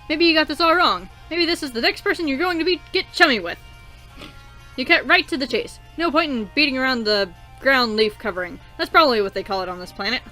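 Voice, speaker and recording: A woman hosts a let's play, reading the game's text aloud and breaking into excited, chatty commentary. Her voice is high and bright. Soft game music hums behind her.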